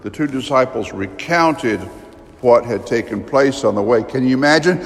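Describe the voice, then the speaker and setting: A man preaching a sermon, telling a story vividly with emphatic rises and dramatic pauses. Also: medium pitch, lively intonation. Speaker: priest. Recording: long reverb of a large church.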